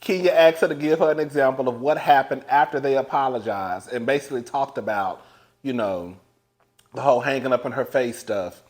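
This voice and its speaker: Recapping a reality show with casual sass, a man calls his viewers "girl," laughs frequently, and moves back and forth between loud and quiet. He has a mid-range voice and a brisk delivery.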